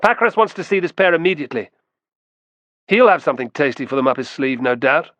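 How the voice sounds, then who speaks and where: Man putting on a loud, brisk army officer barking orders, raised pitch, audiobook. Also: expressive, dry recording, highs cut off. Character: harsh barking male army officer, commanding.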